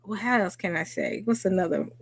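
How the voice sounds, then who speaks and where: A woman with a Southern US accent hosting a casual livestream, excitable and chatty though tired after a workday. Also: mid-range voice, brisk, gravelly, husky, no echo. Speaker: livestream host. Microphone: home microphone.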